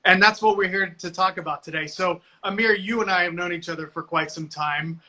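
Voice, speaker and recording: A man's voice: high-pitched, brisk, pushed and bright, rough recording. A man hosting a casual live video interview, upbeat and encouraging, often restarting his sentences. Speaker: host.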